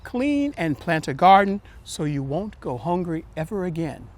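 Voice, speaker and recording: A man's voice: fairly high pitch, sing-song, unhurried, darkish tone. A man voicing kind magic gourd children in a told folktale, speaking in an eager, earnest way.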